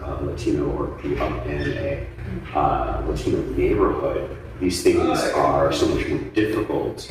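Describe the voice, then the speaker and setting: A man being interviewed about blues dancing, talking in a thoughtful, casual way with many fillers. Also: rumbling low. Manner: thoughtful, many ums and you-knows, animated when joking. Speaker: interviewee, blues dance teacher. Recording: echoey room, mic set at a distance, faint noise.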